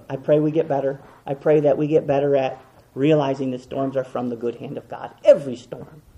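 A man preaching a sermon with passion, swinging between loud, emphatic repetition and hushed, quiet lines. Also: fairly high pitch, gravelly, lo-fi sound.

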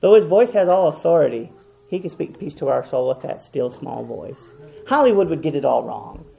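A man preaching a sermon with passion, swinging between loud, emphatic repetition and hushed, quiet lines. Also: fairly high pitch, very animated, normal speed, gravelly, muffled recording.

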